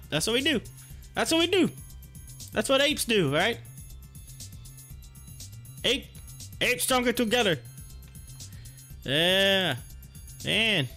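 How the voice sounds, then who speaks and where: A man hosting a live stock-market stream, chatting excitably with his viewers and reading their comments aloud. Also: very high-pitched.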